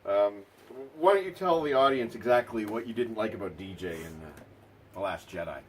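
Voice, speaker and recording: A man's voice: on the low side, lively intonation, a little fast, a little hiss or hum. A man hosting a casual toy unboxing video, talking with dry, sarcastic remarks and lots of ums and uhs.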